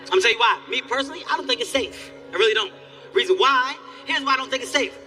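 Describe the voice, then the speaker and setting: High, bright-voiced stand-up comedian. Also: male voice, quick pace, recorded from a distance, soft background music. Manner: animated storytelling, acts out characters, yelling bits. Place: theater stage before a live audience.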